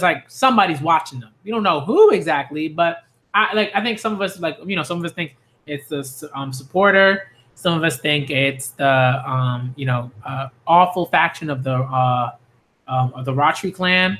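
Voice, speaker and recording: Excitable man reacting live to manga. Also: a little high, a little fast. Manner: excitable, reads panels aloud, shifts between cheering and hushed reading. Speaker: manga reviewer.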